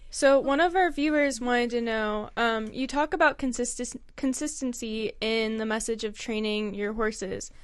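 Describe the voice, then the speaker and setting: Smooth-voiced woman podcast host. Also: fairly high pitch, measured pace, hardly any pauses, dry recording. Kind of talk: reading a listener question.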